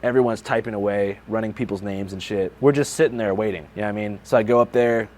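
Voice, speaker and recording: A man's voice: on the low side, fast, a little mellow, slight background noise. A young man, a journalist and video creator, casually recounting a story with lots of "like" and "you know". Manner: laid-back, filler-heavy, lots of "like".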